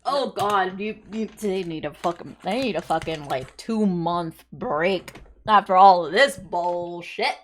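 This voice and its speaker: A young adult woman streaming live, reacting excitedly and swearing casually as she talks to her chat. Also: on the low side, measured pace, a little hiss or hum.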